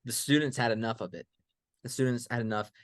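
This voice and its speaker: A young man co-hosting a comedy pitch show, telling a long joke in a casual, animated way and acting out the characters as he goes. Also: fast, no echo, studio quality. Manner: animated, acts out characters in the story.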